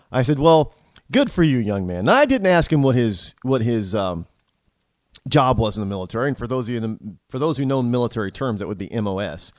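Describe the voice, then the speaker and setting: Blunt, animated male talk show host. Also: mid-range voice, a little fast, dry recording. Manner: opinionated and blunt; animated storytelling with frequent restarts. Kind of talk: storytelling monologue.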